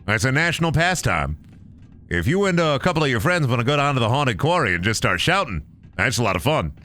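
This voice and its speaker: A man with a mid-range voice talks briskly while streaming a game. His casual commentary turns into animated, rambling rants full of swearing as he plays.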